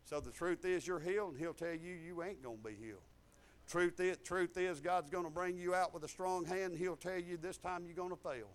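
A middle-aged man delivering a sermon in a notably high voice. He swings from shouted declarations down to quiet, confiding asides, and tells stories in a folksy way. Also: a little fast. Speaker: preacher. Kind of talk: testimony sermon.

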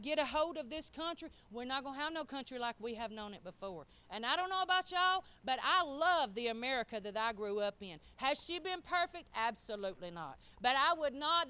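Woman, sermon, high clear voice, emphatic and folksy. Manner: emphatic, folksy, swings between loud and soft. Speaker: preacher.

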